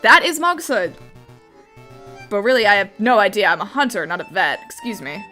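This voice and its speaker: Woman voicing a curt male hunter, bright tone, matter-of-fact, game dialogue. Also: medium pitch, animated, moderate pace, soft background music. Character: blunt middle-aged male hunter in a tavern.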